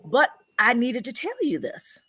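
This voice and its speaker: A woman's voice: a little high, big pitch swings, unhurried, a bit bright, slightly rough, no room sound, clean studio sound. A woman on a relationship panel, speaking directly and vocally. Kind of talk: casual panel chat.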